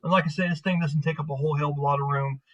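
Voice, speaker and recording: A man's voice: on the high side, fairly even intonation, rapid-fire, fairly bright tone. A man narrating as game master of a tabletop game in a casual, rambling way. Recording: muffled lo-fi mic.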